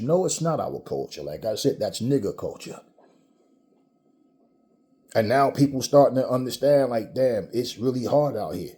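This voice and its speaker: A man from the Caribbean vents in a blunt, profane monologue, pressing his points with heavy emphasis. His voice has a mellow, darker tone and sits at an ordinary male pitch. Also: very animated, moderate pace, long pauses. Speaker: vlogger. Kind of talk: ranting commentary monologue.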